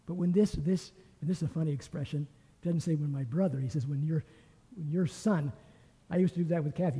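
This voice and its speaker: An older man teaching a Bible class, retelling a parable with lively storytelling and acted-out voices. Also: a little high, brisk, husky, in a large hall, poor audio.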